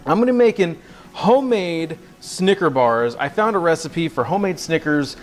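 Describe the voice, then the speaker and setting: A man's voice: on the high side, animated, normal speed, soft background music. A man hosting a cooking livestream, chatting casually and joking with his audience while he works. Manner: joking, rambling, self-deprecating banter with chat. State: out of breath from sawing. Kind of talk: casual live-stream chat while cooking. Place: home kitchen.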